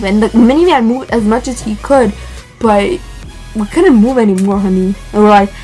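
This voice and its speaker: A young woman vlogger casually telling a dramatic story, animated and filled with "like" and swearing. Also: moderate pace, faint music behind. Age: young adult. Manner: animated, lots of "like", swears, rises in pitch when excited.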